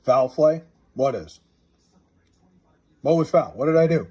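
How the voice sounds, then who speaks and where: A man livestreaming from his house, casually chatting and reading out viewer comments, loose and profane, drawling joke names slowly. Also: on the high side, animated, darkish tone, breathy edge. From New York area.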